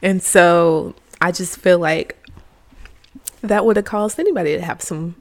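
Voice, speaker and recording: A woman's voice: fairly low pitch, a little slow. A young woman co-hosting a podcast, giving opinions casually and hedging as she thinks aloud. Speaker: podcast co-host. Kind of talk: casual chat.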